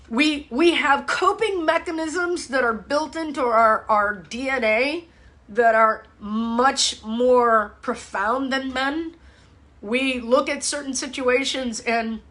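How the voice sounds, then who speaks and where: A woman's voice: a little high, bright, forceful tone. A middle-aged woman, a personal trainer, talking bluntly and profanely in a casual live stream. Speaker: personal trainer and fitness instructor.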